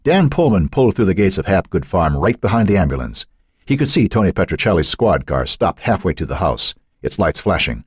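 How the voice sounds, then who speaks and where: A male narrator reads a suspense novel in a very deep, husky voice. His pitch moves widely and expressively. The sound is dry and close, with no room around it. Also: big pitch swings, fairly quick, no echo. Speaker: audiobook narrator. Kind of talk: scripted audiobook narration.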